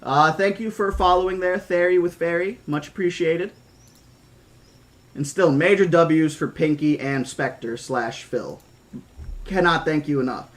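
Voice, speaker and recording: A man's voice: fairly high pitch, measured pace. Choked-up young streamer man gushing thanks. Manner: emotional, gushing, stammering thanks. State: choked up, near tears. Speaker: streamer reading a novel aloud. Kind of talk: casual live-stream chat.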